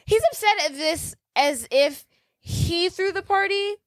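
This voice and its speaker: A woman's voice: very high voice, measured pace, dry recording. A woman co-hosting a podcast, describing movie scenes in an emphatic, chatty way. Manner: animated, filler-heavy, emphatic. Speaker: podcast co-host. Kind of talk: casual movie recap chat.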